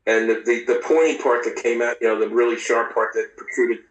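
Man, mid pitch, halting and profane storyteller, heard from a distance in an echoey room. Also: little pitch movement. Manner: candid, halting, profane, with frequent restarts. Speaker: interview guest. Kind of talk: personal storytelling in a podcast interview. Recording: roomy, distant mic.

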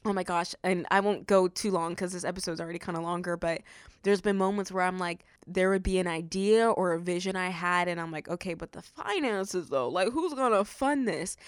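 A young adult woman hosting a faith-based podcast, telling stories and acting out what people said in an animated way. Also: lowish voice, a little fast, smooth, dry recording, clean studio sound. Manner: animated storytelling, acts out quotes. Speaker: podcast host.

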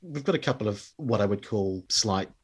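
Brief: male co-host, low husky voice, measured and dry. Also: animated. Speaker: podcast co-host. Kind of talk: casual chat about comedy records.

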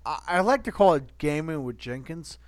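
A man's voice: on the high side, lively intonation, normal speed, slight background noise. A man co-hosting a podcast in casual chat, earnest and repetitive, often restarting his sentences. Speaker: podcast co-host.

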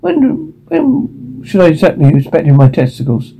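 A man's voice: fairly high pitch, wildly swooping pitch, normal speed, vocal fry, mellow, breathy edge, full character voice, poor audio. A man doing a fussy nine-year-old boy genius. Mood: anxious. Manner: fussy, pedantic.

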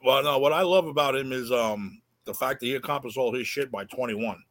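A man's voice: medium pitch, a little fast, a bit bright. A man co-hosting a casual comedy podcast, talking bluntly and cursing in a laid-back way. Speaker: podcast co-host.

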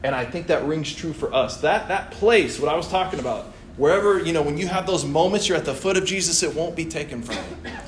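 A young man preaching a sermon in a church, animated and playful, acting out voices as he tells the story. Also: fairly high pitch, fairly quick, slight background noise. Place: church hall. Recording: echoey church room, faint ambience.

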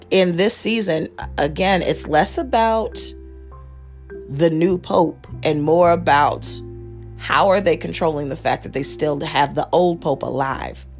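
A woman with a notably low voice talks through a TV series on her podcast, rambling and correcting herself as she goes. Faint music plays underneath. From United States. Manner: rambling, lots of fillers and self-corrections. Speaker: podcast host. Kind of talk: casual rambling review.

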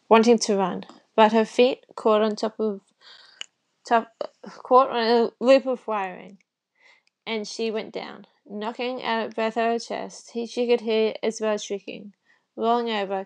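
A woman reads a novel chapter aloud at an unhurried pace. Her voice has a slightly gravelly texture. She reads casually, now and then stumbling and correcting herself. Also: medium pitch. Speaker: reader.

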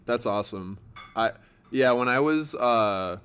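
A man's voice: mid-range voice, unhurried, a bit bright, clear, resonant tone. A man hosting a podcast in casual conversation, talking loosely with lots of fillers and easy laughs. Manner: loose and rambling, heavy filler use, laughs easily. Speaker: podcast host.

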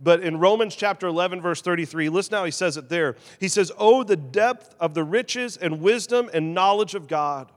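A man preaching a sermon as pastor, animated, swinging between loud emphasis and quiet, confessional asides. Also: sits high, moderate pace, few pauses, big-room sound.

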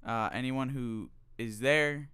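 A man with a smooth, clear voice keeps the chat rolling with questions. He laughs readily and jumps in with quick reactions in an easygoing, conversational tone. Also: mid-range voice, sharp tone. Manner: laughs easily, prompts with questions. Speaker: podcast co-host asking questions.

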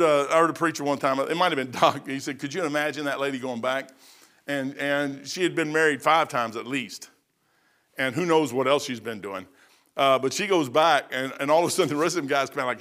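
An older Kentucky man preaches a folksy, rambling sermon in a mid-range, fairly bright voice. He acts out the Bible figures in his stories, giving them quick voices.

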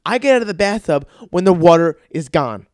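A man's voice: high-pitched, animated, a little fast, dry recording, studio quality, voice pushed up. A man voicing a whiny, stubborn little boy who pleads and argues. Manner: whining, pleading.

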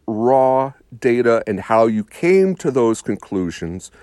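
A priest speaking slowly and emphatically, making a combative argument to listeners with rhetorical questions. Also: male voice, medium pitch, a little mellow, no echo, clean studio sound. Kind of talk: spoken commentary to listeners.

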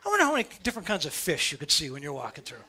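A male pastor, preaching a sermon in church in an animated, playful way, often asking rhetorical questions. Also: on the high side, rapid-fire, breathy edge.

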